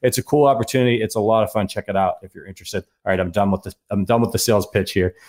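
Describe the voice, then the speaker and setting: A man's voice: on the low side, fairly even intonation, rapid-fire, darkish tone. Earnest man hosting a podcast. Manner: earnest, rambling with restarts. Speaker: podcast host. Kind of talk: casual podcast chat.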